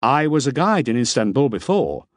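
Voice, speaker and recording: Brief: male narrator doing a nervous hired guide, deferential but indignant, lowish and lively. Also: normal speed, dry recording, clean studio sound. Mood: respectful indignation. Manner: respectful, indignant, a bit defensive.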